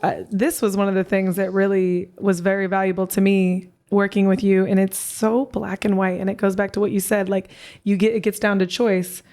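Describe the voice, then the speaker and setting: A woman's voice: mid-range voice, little pitch movement, normal speed, darkish tone. A woman podcast host in a candid, chatty interview, swearing casually.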